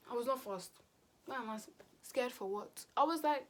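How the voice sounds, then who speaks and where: A young woman telling a casual storytime vlog, slangy and animated. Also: on the high side, moderate pace. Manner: slangy and animated, acting out quotes. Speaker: vlogger.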